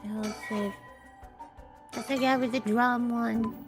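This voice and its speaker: A woman's voice: fairly high pitch, fairly even intonation, a little slow, music in the background. A woman joking casually with a friend while playing a game together. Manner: playful, joking. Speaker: co-player. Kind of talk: casual let's-play chat.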